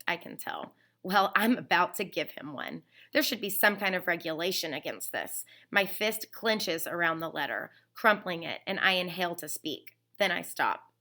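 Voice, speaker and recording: A woman reading a novel aloud in the first person, expressive and slowing down on the emotional phrases. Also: fairly low pitch.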